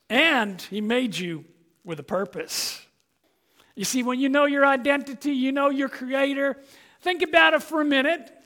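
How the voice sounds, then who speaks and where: A male pastor delivers a sermon in an unusually high voice. He takes his time over each phrase, speaking with an unhurried, drawn-out pace. He is emphatic and direct with his congregation and presses his points home with rhetorical questions. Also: sharp tone.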